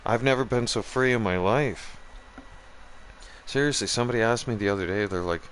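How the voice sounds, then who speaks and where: A man's voice: lowish voice, brisk, a bit bright, a little hiss or hum. A man hosting a gaming channel, ranting profanely in casual chat and talking straight to his viewers. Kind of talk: casual rant while streaming a game.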